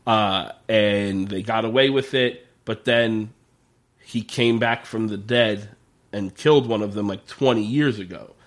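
A man's voice: lowish voice, measured pace. A man in casual podcast chat, recapping a TV episode with lots of swearing and laughter, acting out the characters' lines. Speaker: podcast co-host.

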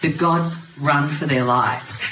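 A storyteller recounting a sacred tale to a gathering with wry, animated asides. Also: medium pitch, takes it slowly, music in the background. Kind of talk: lively spiritual storytelling to a group. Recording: roomy, noisy ambience.

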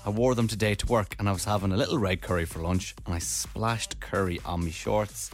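A man's voice: on the low side, fairly even intonation, brisk, faint music behind. A man with an Irish accent hosting a radio show, telling stories and laughing in the studio. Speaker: radio host. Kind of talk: casual radio banter.

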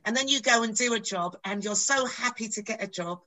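This is a woman in middle age who tells anecdotes from her acting career in a relaxed podcast chat. Her voice is bright and ringing, and she brings the story to life by acting out what each person said. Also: on the high side, brisk, low-quality recording. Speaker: guest actress.

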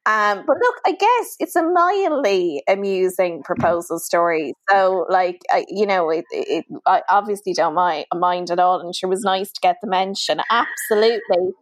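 A young Irish woman co-hosting a podcast, telling stories in a chatty, animated way with lots of asides. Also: medium pitch, moderate pace, few pauses, dry recording. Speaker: podcast co-host. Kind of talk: casual chat.

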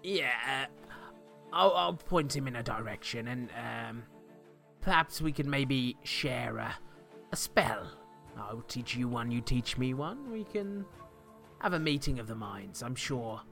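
A man plays a tabletop game in a bright, forward voice. He is chatty and stumbles over his words, and soft music sits in the background. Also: medium pitch, expressive, measured pace, vocal fry. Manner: chatty, stammering, laughs often. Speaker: player. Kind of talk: tabletop role-play banter.

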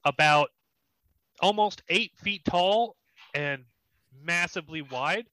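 A man running a tabletop game as dungeon master, describing scenes with pauses and fillers. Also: high-pitched, pushed and bright, dry recording. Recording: slightly muffled dry recording.

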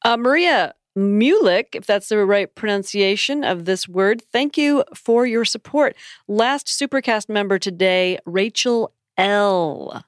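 A chatty woman co-host who giggles easily, speaks at a mid pitch and thanks listeners. The sound is dry and close to the mic, with no room behind her. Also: lively intonation, unhurried, few pauses, no room sound. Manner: giggly, chatty, reads out supporter names. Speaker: podcast co-host. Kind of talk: casual chat.

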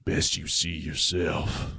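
A man voicing a cold, terse old small-town sheriff who speaks slowly and flatly. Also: extremely low pitch, creaky, husky, dry recording, pitched below the performer's own voice, heavily acted. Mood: grim. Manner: slow, flat, quiet.

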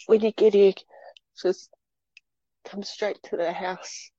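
A middle-aged woman telling a personal story in an interview, halting and repeating words as she goes. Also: mid-range voice, steady tone, warm tone, no echo, lo-fi sound. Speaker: interview guest.

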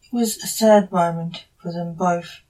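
A woman reading a story aloud for her own podcast, measured and deliberate. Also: lowish voice, fairly even intonation, dark tone, distant mic, rough recording.

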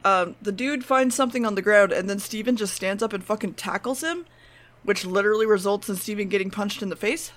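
A woman chats her way through an episode recap at a relaxed, middling pitch, swearing freely and tossing in offhand jokes. Her talk rambles loosely from one beat to the next, in plain casual podcast style. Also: fairly quick. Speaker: podcast co-host.

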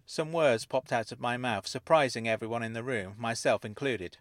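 A man narrating a first-person mystery story in an even storytelling manner. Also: mid-range voice, moderate pace, few pauses, no room sound.

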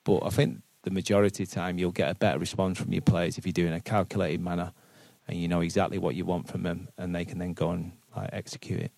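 Low, dark-voiced man. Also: flat delivery, fast talker, creaky, hardly any pauses, no echo. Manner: earnest, thinks aloud with repeated words. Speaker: football manager, guest. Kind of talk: live podcast interview answers. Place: boardroom with live audience.

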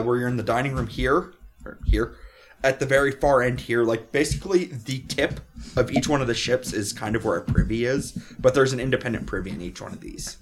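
A man acting as game master in a tabletop role-playing game, explaining the scene in a rambling, hesitant way. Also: mid-range voice. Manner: rambling, hesitant, many fillers and restarts.

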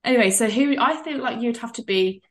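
A young woman co-hosting a casual podcast chat, animated and excitable, often breaking into laughter. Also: a little high, a little fast. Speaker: podcast co-host.

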